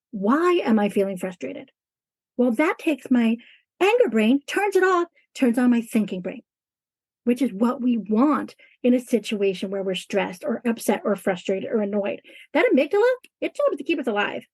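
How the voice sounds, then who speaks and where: A woman's voice: on the high side, a little mellow, dry recording. A woman teacher talking as a guest in an interview, earnest and emphatic. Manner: earnest, emphatic, acts out classroom talk. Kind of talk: conversational interview.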